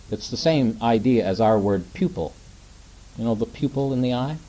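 Middle-aged male preacher, warm mellow tone, gentle and conversational, leans on rhetorical questions. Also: medium pitch, animated, normal speed, low-quality recording. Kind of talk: sermon.

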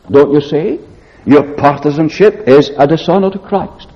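A man preaching an expository sermon, solemn and deliberate, slowing down to read scripture aloud. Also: a little high, warm tone. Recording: echoey hall, dull lo-fi sound.

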